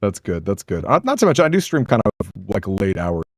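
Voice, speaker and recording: A man's voice: fairly low pitch, sing-song, a little fast, dry recording, studio quality. A man streaming a game, chatting with viewers in a rambling, self-deprecating way and laughing often. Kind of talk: casual live-stream chat while gaming.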